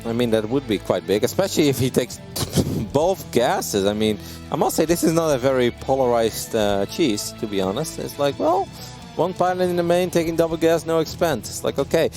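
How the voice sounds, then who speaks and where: A man in the middle of live esports commentary, lively and easily excited. He laughs often and his voice jumps high when a play surprises him, with faint music playing underneath. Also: moderate pace, hardly any pauses. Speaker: esports caster.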